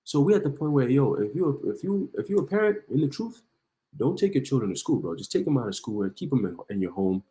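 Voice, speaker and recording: A man's voice: mid-range voice, very animated, fast, dark tone, poor audio. A man preaching in heated commentary on the news, reading articles aloud and then ranting. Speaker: online preacher.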